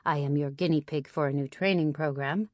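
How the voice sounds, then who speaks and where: A woman reading an audiobook, voicing a tall, formal Nigerian man who speaks in a measured, courteous way. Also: on the high side, steady tone, no echo, close to an everyday voice.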